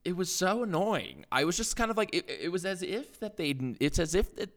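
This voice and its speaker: A man's voice: high voice, animated, moderate pace, a bit bright. A man co-hosting a casual comedic chat, easygoing, chiming in with agreement and asides. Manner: easygoing, frequent agreeing backchannels. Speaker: podcast co-host.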